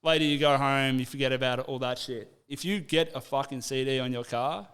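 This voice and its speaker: A man's voice: mid-range voice, a little fast, a bit bright, clean tone. A young Australian man, a rapper guest on a podcast, telling stories in a profane, laid-back chat. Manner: profane, laid-back storytelling with acted-out quotes. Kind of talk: casual storytelling chat.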